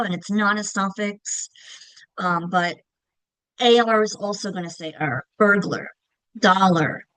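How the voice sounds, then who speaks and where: A woman's voice: medium pitch, a bit bright, no echo, poor audio. A woman teacher trainer giving a recorded presentation, explaining step by step, sounding out example words and checking in often.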